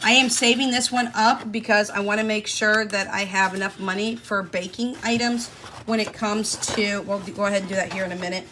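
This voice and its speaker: This is a thirties woman with a drawl who runs a budgeting channel. She keeps up a relaxed, folksy patter as she counts out bills, keeping her tone at an everyday middle pitch. A light background hiss runs under the recording. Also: fairly quick. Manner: chatty, folksy, addresses viewers directly. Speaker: budgeting vlogger. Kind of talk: casual chat to camera.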